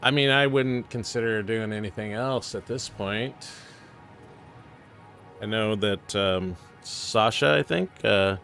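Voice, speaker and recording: A man's voice: lowish voice, slow pace, vocal fry, fairly bright tone, soft background music. A man streaming a building game, muttering half-sentences to himself and chatting casually with his viewers. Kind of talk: casual live-stream commentary while playing.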